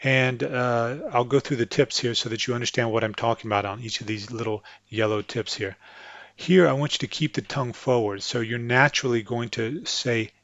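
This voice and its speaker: A man teaching French pronunciation to English speakers, patiently explaining tongue placement and slowly repeating example words. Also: medium pitch, steady tone, fairly bright tone, no echo, muffled recording. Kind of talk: instructional explanation with spoken examples.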